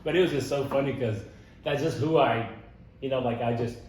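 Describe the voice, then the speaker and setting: A young man tells stories in easy conversation, getting animated and laughing at his own tales. His voice sits in the middle of the male range. The mic is well away from him, so the sound is roomy and echoing, with a faint hiss underneath. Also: medium pitch, a little fast. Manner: animated, laughs while telling stories, many "like" and "dude" fillers. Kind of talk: casual storytelling conversation. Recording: echoey room, voice from some distance.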